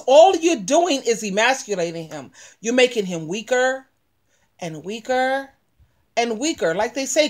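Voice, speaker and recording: A woman's voice: fairly high pitch, a little mellow. A middle-aged woman giving casual, emphatic commentary as a relationship advice vlogger, acting out sassy retorts. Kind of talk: casual commentary on a played clip.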